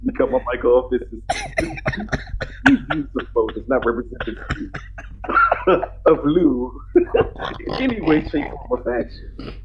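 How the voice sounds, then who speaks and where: A man's voice: mid-range voice, sing-song, measured pace, pauses often. Teasing man on a lo-fi podcast. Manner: teasing, laughs often, jumps in to interrupt. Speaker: podcast co-host. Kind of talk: casual chat reacting to a TV episode. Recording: lo-fi podcast audio with faint noise.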